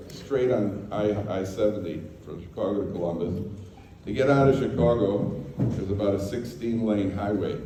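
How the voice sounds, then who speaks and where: In a lowish voice, an American rabbi speaks to a live lecture-hall crowd, giving a Torah talk built on funny stories, playful asides, and acted-out dialogue. Background noise is present, and the distant mic catches plenty of hall echo.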